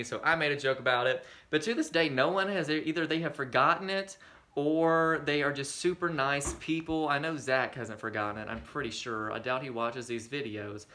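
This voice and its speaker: Bright-voiced young man telling a crude story. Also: on the high side. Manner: rambling, self-deprecating, crude humor. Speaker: vlogger. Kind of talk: casual storytime monologue.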